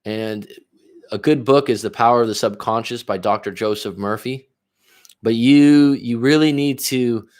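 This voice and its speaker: A relationship coach with a low, slightly mellow voice coaches viewers on a livestream. He reads their comments aloud and answers bluntly, swearing frequently.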